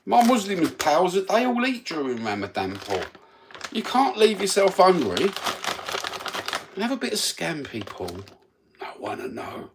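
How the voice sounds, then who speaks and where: A man's voice: high voice, wildly swooping pitch, a little slow, vocal fry, noisy background. A man, hosting a casual livestream from home with crude, sweary banter into his phone. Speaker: livestream host.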